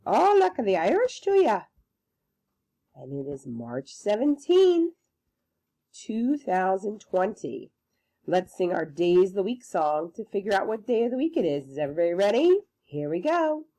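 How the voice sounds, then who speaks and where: A woman's voice: mid-range voice, very animated, normal speed, mellow. A woman teacher leading circle time for young children, with an encouraging sing-song manner. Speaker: preschool teacher.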